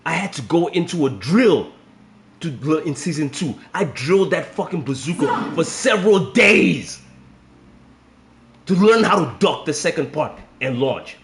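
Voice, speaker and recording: Male game commentator, high and very animated delivery, profane rants, roomy echoey recording. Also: unhurried. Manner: swings between low grumbling and shouted outbursts. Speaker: fighting game content creator. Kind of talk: profane gaming commentary rant.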